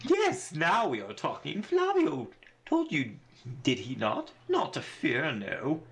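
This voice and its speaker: A man's voice: fairly high pitch, wildly swooping pitch, slow pace, creaky, fairly bright tone, slight background noise, voice pushed up, exaggerated voice. A man voicing a pompous, vain male pirate captain while reading game dialogue aloud in a theatrical, boastful way.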